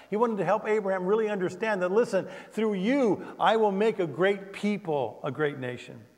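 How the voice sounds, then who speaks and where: An older man, a pastor, preaching a sermon with animated delivery and humorous asides to his congregation. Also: sits high, in a large hall. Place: church sanctuary.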